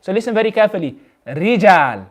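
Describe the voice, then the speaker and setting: A man with a fairly high voice and a British accent leads a recitation lesson. He speaks patiently, repeats each sound several times and keeps asking whether his class has understood. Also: normal speed. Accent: British English. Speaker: Quran recitation teacher.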